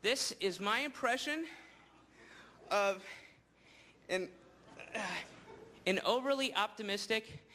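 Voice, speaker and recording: A man doing a stand-up comedy set, telling a rambling story that climbs into excited shouting. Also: sits high, slow, long pauses. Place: comedy stage. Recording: live crowd and noise behind. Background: audience laughter.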